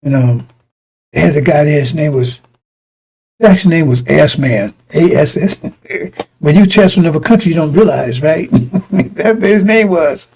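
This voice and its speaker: A man's voice: fairly high pitch, normal speed, gravelly, a little mellow, husky, rough recording. A middle-aged man preaching informally to his congregation, blunt and profane, rambling through personal stories with many restarts.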